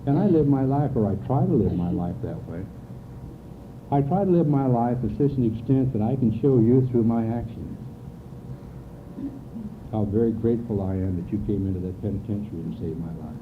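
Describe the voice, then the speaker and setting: A man's voice: mid-range voice, a little fast. Earnest man speaking on hissy old tape. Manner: heartfelt, earnest storytelling. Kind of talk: personal recovery talk to a meeting. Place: recovery meeting in California. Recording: hissy lo-fi 1980s tape, phone-like.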